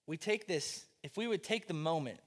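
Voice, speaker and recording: A man preaching a sermon with passion, repeating phrases and swinging between loud pleading and quiet, low lines. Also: animated, moderate pace, in a large hall. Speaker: pastor.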